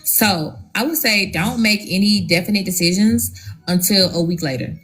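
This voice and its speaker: A woman's voice: mid-range voice, moderate pace, a bit bright, faint music behind, low-quality recording. A woman reading a listener's post aloud and then giving sympathetic advice.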